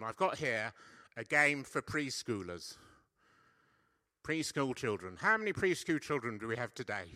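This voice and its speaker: Man preaching, middle-aged, very bright tone, chatty, playful, questions to the congregation. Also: medium pitch. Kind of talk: lively church sermon. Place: church service.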